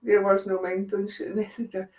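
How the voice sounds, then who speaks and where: A woman's voice: medium pitch, little pitch movement, a little fast, a little mellow, echoey room, dull audio. A woman with a Scottish accent doing live psychic readings on a stream, chatting and laughing with viewers by name. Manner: chatty, laughs often, talks to commenters by name. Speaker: psychic medium.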